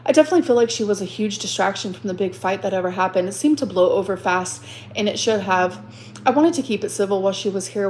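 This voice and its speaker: A woman on a live stream, telling a story in an agitated, emotional rant, repeating herself and swearing. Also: mid-range voice.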